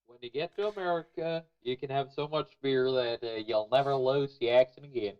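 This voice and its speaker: A man co-hosting a gaming podcast in casual chat, joking and excitable. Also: mid-range voice, normal speed, clean tone, muffled recording. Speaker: podcast co-host.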